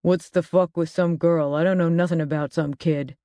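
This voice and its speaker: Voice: medium pitch, steady tone, normal speed, warm tone, no room sound, studio quality, natural voice. A narrator putting on a swearing thug. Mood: defiant. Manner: defiant, swearing. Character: loud foul-mouthed thug man, bald.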